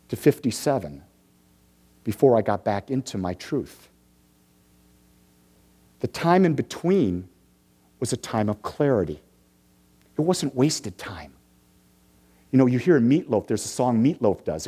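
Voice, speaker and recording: A man's voice: medium pitch, warm tone, slightly rough. A minister in his fifties from the Detroit area gives a sermon, telling stories with playful asides and building his points through repetition. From Detroit area, USA.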